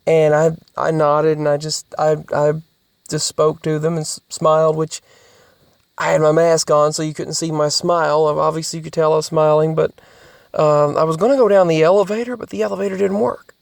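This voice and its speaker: A vlogger in a casual podcast-style monologue who talks haltingly, restarts often and repeats words, and sometimes drops to soft, near-whispered asides. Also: medium pitch, flat delivery, vocal fry, no echo.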